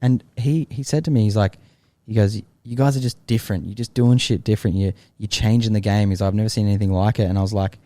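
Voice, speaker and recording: Aussie podcast co-host, easygoing, slightly low, relaxed tone. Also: male voice, quick pace, few pauses, no room sound. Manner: laid-back, short agreeing replies, swears. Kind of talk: casual chat.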